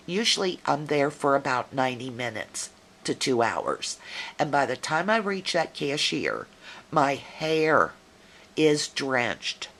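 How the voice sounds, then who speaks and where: A middle-aged woman with a light Southern US accent talks to a viewer in a relaxed, folksy way. Her voice sits low for a woman, and she takes her time, drawing out her stories at an unhurried pace. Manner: chatty, folksy storytelling. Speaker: vlogger. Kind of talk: casual chat to a viewer.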